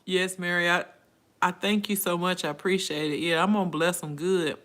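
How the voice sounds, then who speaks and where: A woman's voice: on the low side, fairly even intonation, normal speed, fairly bright tone. A middle-aged woman hosting a casual live stream from her phone, reading viewers' comments aloud and answering them in an emotional, outspoken way.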